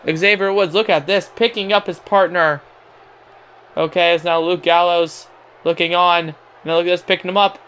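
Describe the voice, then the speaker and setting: A man's voice: high-pitched, level tone, normal speed, a bit bright, clean tone. A young man giving casual play-by-play commentary on a wrestling video game, putting on a mock announcer tone with laughing asides.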